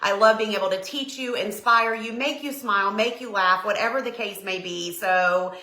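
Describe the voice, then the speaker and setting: A middle-aged woman from Tennessee with a Southern accent, chatting casually and warmly greeting viewers by name on her live stream. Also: mid-range voice, moderate pace. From Tennessee, USA. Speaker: decor business owner hosting a live stream. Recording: echoey room.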